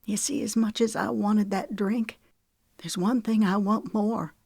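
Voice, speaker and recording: A woman reading the part of a frightened, tearful young woman who speaks softly, almost in a whisper. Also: medium pitch, fairly even intonation, measured pace, vocal fry, husky, dry recording, clean studio sound, voice pushed up. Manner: soft, near whisper, trembling.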